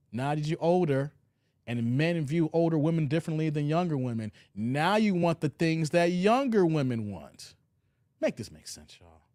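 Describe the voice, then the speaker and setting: A man's voice: a little high, a little mellow, dry recording. Joking man reacting to a clip, dry sound. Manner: loose, joking, laughs often. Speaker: commentary show host. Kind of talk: reaction commentary reading live chat.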